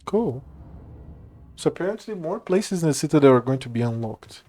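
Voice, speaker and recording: A man's voice: on the high side, sing-song, normal speed, mellow. Casual male streamer, talks loose, laughs a lot, swears. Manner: rambling, laughs and swears often. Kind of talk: casual gameplay commentary.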